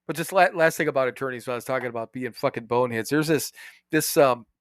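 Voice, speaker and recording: A podcast co-host chats casually, telling stories animatedly, laughing often and swearing freely. His medium-pitched voice is fast and fairly bright, recorded in studio quality with no room sound.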